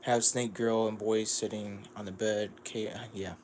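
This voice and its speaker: A man with a fairly low voice gives loose, casual livestream commentary on a manga he is reading. He rambles, stacks up fillers and breaks into chuckles as he goes. A faint hum of noise sits under his desk-mic sound. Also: level tone, unhurried, a little mellow. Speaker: streamer reviewing manga.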